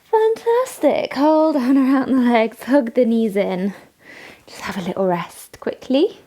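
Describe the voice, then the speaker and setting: A woman leading a morning yoga class, giving calm step-by-step cues and frequent praise. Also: high-pitched, unhurried. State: has the hiccups. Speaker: yoga instructor. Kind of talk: guided yoga class instruction.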